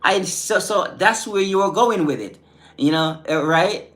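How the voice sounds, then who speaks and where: Unhurried and high-pitched, with a slightly bright quality, a middle-aged island-accented man from the Caribbean chats easily with his livestream viewers. He's laid-back and keeps saying "man" and "you know."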